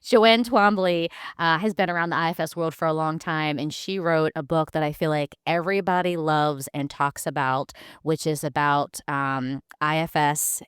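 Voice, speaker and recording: A woman's voice: low voice, smooth, no echo, clean studio sound. A woman hosting a podcast interview, speaking with enthusiasm and laughing often. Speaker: podcast host. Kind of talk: casual interview chat.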